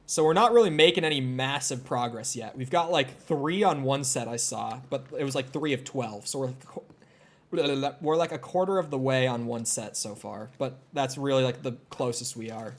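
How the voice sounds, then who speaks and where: A man's voice: mid-range voice, moderate pace. A young man with a Minnesota accent, chatting casually and rambling as he streams a video game, swearing often and filling gaps with "like". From Minnesota, United States. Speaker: gaming streamer. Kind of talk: casual gameplay commentary.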